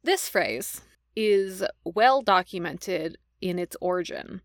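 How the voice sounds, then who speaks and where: A woman's voice: fairly low pitch, animated, slow pace, no room sound, clean studio sound. Playful woman co-hosting a podcast. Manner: playful quizzing, frequent laughs. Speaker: podcast co-host. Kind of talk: casual chat.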